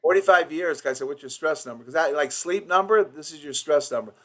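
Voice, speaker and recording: A man's voice: a little high, fast talker, crowd noise. A man coaching office staff in an informal training session. He rambles with restarts and acts out patient quotes.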